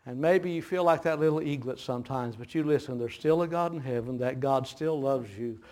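A man preaching a sermon, telling a folksy story with laughter that turns hushed and grave, with audible gasps between phrases. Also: mid-range voice, fairly quick. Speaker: pastor.

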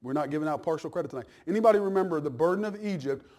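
Man preaching a lively, conversational sermon. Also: rapid-fire. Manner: conversational, teasing preaching with acted-out asides; swings from loud emphasis to low, quiet asides. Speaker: pastor.

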